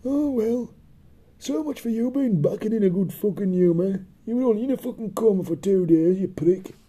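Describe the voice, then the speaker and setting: A man's voice: high voice, moderate pace, mellow, breathy edge. A man acting as a blunt comic sidekick, swearing freely and answering with dry one-liners. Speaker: co-host and sidekick. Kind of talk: profane comedic banter.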